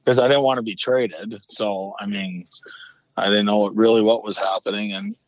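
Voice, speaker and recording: A man's voice: on the low side, fairly even intonation, moderate pace, no echo. Guy rambling thru hockey stories, keeps restarting, kinda muffled sound. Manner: rambling with frequent restarts and swearing. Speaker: guest, former hockey player. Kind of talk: casual storytelling interview. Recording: muffled lo-fi remote audio.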